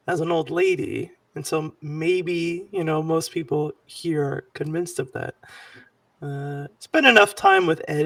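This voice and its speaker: Man, game master, lively swooping pitch, gravelly fry, slow unhurried delivery, dry sound a little off-mic. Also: no room sound, far from the mic. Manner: animated, halting with many fillers. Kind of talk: narrating a tabletop game.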